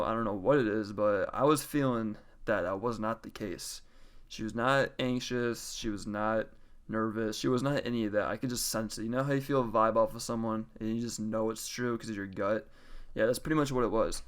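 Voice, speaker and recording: A man's voice: medium pitch, a bit bright, clear, resonant tone. A young man casually telling a storytime story, chatty and profane, acting out the others' lines in changed voices. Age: young adult. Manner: acts out quoted lines in varied voices.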